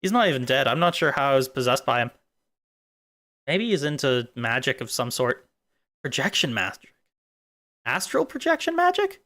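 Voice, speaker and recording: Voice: medium pitch, lively intonation, normal speed, pauses often, fairly bright tone. A streamer in casual chat, rambling off into silly tangents.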